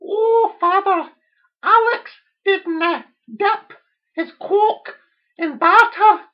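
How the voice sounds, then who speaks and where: A man voicing a distraught Scottish woman in a shrill falsetto with a mock Scottish accent. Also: drawn-out words, muffled recording, full character voice. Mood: wailing.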